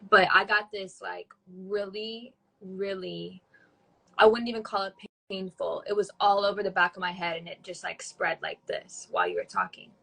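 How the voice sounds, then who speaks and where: A woman joins a casual podcast chat, thinking aloud and reaching for the right words. Her voice sits at a middling pitch, and she speaks in an easy, reflective way. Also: animated, moderate pace, vocal fry, fairly bright tone, poor audio. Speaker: podcast guest.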